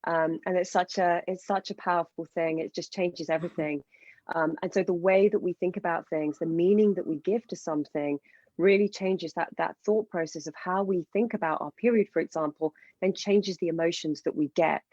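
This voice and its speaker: A woman speaks with passion as a fertility coach on a podcast. Her voice is warm and mellow, and the sound is dry and close. The recording is a little dull and lo-fi. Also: fairly low pitch, steady tone, fairly quick, dry recording. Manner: passionate, enthusiastic explaining. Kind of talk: podcast interview.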